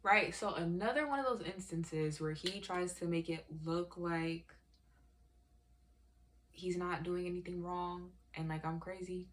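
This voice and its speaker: A woman's voice: lowish voice, measured pace, slight background noise. A woman ranting in a vlog, profane, heated and exasperated as she tells her story. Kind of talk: emotional rant vlog.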